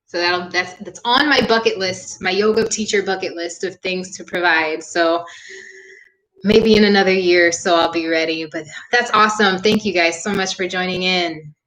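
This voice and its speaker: A young woman yoga instructor wrapping up a live-streamed class, talking in a warm, earnest and chatty way with frequent "um" fillers. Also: fairly low pitch, steady tone, moderate pace. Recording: echoey room.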